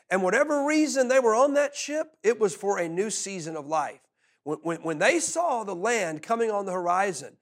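Pastor, middle-aged man, animated sermon storyteller, voice swings widely. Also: on the high side. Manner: animated storyteller, laughs often, repeats words.

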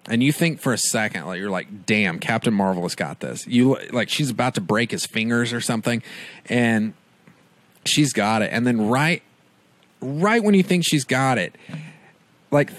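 Man, mid-pitched voice, dry close sound, casual spoiler recap, rambling, filler-heavy. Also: dry recording. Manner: rambling, animated retelling with many fillers. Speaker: movie reviewer.

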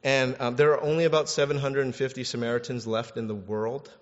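A man preaching a sermon in a lively, conversational way, acting out quotes and repeating words as he goes. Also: medium pitch, brisk. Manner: animated, conversational, acts out quotes, restarts words. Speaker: pastor. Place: church hall. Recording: echoey hall, dull sound.

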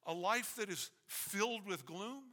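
Emphatic preaching man, bright voice. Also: high voice, unhurried. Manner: emphatic, repetitive preaching cadence. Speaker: pastor. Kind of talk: sermon. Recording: long reverb of a large hall.

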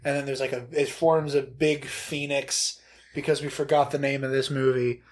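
A man's voice: medium pitch, little pitch movement, moderate pace. A man in casual podcast chat, recapping a film sarcastically with lots of fillers, swearing and laughing asides.

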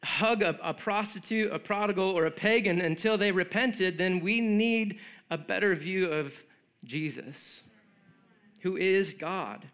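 High-voiced man preaching a sermon. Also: unhurried, fairly bright tone, clear, resonant tone. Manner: conversational, joking asides, frequent "like" fillers. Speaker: pastor.

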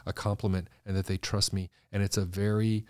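Low-voiced man telling lively stories. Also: brisk, dry recording, studio quality. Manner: animated, acts out quoted voices. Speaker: interior designer guest. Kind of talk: conversational interview storytelling.

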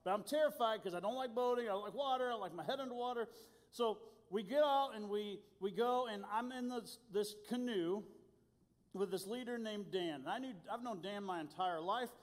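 A youth pastor from Indiana preaching a sermon, telling stories in an animated, self-deprecating way. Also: male voice, sits high, a little fast. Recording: long hall reverb.

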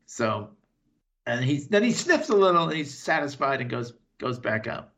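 A man co-hosting a podcast, retelling a TV episode in casual chat and slipping into quick voices for the characters. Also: mid-range voice. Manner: animated retelling with quick impressions and laughs. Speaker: podcast co-host.

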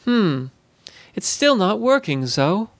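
A man's voice: high-pitched, sing-song, unhurried, dry recording, heavily acted. A man voicing a polite, clever young girl in a storybook tale, speaking courteously and coaxingly. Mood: gentle.

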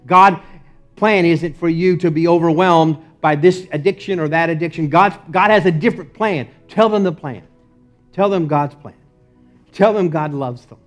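A male pastor preaching a sermon in a church, moving from loud emphatic lines to low, quiet ones. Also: moderate pace, faint music behind. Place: church sanctuary.

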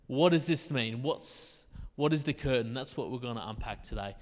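A man preaching a sermon in a casual, conversational way, with quick asides. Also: medium pitch, big-room sound. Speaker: pastor.

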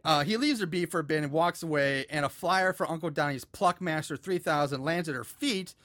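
Guy on a podcast running thru a movie plot, kinda higher voice, dry mic, lots of "like"s. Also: brisk, fairly bright tone, dry recording. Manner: rambling plot summary with many "like" fillers. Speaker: podcast co-host. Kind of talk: casual movie recap chat.

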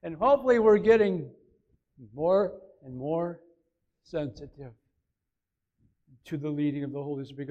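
A man's voice: a little high, measured pace, pauses often, darkish tone, dull audio. A man preaching a conversational sermon, repeating phrases and rising to emphatic peaks. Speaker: pastor.

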